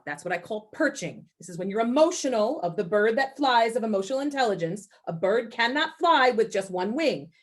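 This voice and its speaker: A woman presenting a webinar for teachers, talking emphatically and acting out what people might say, over a video call. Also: a little high. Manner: emphatic, animated, acts out voices. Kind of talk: energetic webinar talk.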